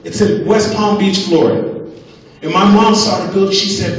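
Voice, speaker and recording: A man's voice: sits high, fairly even intonation, moderate pace. A man giving a live motivational speech on stage, telling a story emphatically and repeating phrases for effect. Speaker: motivational speaker. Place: stage in a large event hall. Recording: echoey hall from far off.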